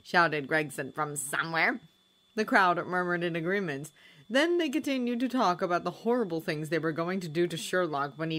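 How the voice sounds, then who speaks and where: A woman reading fanfiction aloud in a lively storytelling manner, acting out shouted lines. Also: fairly low pitch. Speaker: fanfiction audiobook reader.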